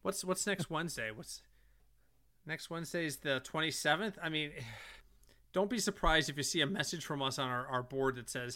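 A middle-aged man co-hosting a casual podcast, an animated storyteller who swears freely. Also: on the high side, moderate pace. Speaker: podcast co-host.

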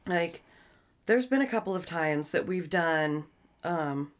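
A woman's voice: lowish voice, expressive, slow pace. A young adult woman in casual chat, blunt and emphatic, with lots of swearing.

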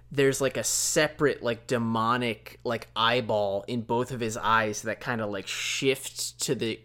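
Measured man describing movie scenes. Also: mid-range voice, a bit bright, smooth. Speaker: podcast co-host. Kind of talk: casual movie discussion podcast.

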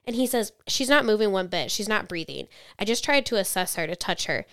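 Podcast co-host, woman, smooth clear voice, dry close mic, chatty true-crime storyteller. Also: mid-range voice, a little fast, no echo. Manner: chatty, reads quotes flatly then reacts.

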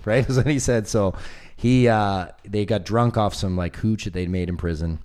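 A man's voice: on the low side, a little fast. A man in casual conversation, telling long stories with energy and acting out the voices of the people he quotes. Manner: animated storyteller, acts out quoted voices. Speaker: film producer guest. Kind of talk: casual chat.

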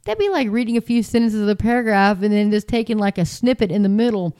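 This woman talks in a warm, mellow voice at a middling pitch. She sounds casual and rambling, stumbling through restarts and fillers. An exasperated, incredulous edge runs through her talk. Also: lively intonation, quick pace, smooth. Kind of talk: casual commentary.

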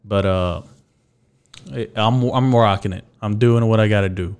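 Low smooth-voiced rambling podcast man. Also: unhurried, darkish tone. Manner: rambling and joking, with many fillers and swearing. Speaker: podcast host. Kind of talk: casual solo podcast chat.

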